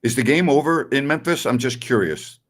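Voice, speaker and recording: A man's voice: mid-range voice, expressive, a little fast, a bit bright. Blunt, opinionated male sports talk host. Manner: blunt and opinionated, scoffs at callers. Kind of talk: live-stream Q&A answering viewer messages.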